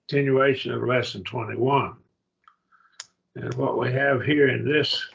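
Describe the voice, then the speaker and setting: Slow gravelly man teaching grammar. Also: mid-range voice, fairly bright tone, muffled recording. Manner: halting, with many fillers and restarts. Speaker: Greek teacher. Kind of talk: classroom grammar lesson. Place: church classroom.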